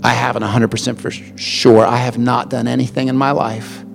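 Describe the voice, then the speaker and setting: A male pastor preaching a sermon, swinging between loud passionate emphasis and hushed quiet stretches, often repeating words as he starts a phrase. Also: mid-range voice, level tone, brisk, vocal fry, in a large hall, soft background music.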